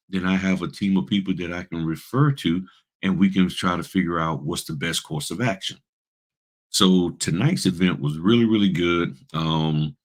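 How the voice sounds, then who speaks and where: Middle-aged man, very low voice, upbeat motivational vlogger who talks straight to camera and acts out other people's reactions. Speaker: notary, channel host. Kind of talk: casual vlog talk to viewers.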